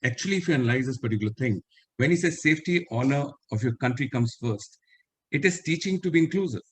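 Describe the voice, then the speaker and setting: Speaking fast with a breathy edge and lively intonation at a medium pitch, this older Indian English-accented man is a retired army general addressing a webinar over video call. His talk is earnest storytelling, with others quoted directly and key lines said twice for emphasis.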